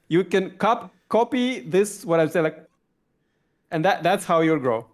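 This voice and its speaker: A man's voice: high voice, moderate pace. A man with a Russian accent co-hosting a casual tech podcast, talking energetically with lots of repeated words and restarts. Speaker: podcast co-host.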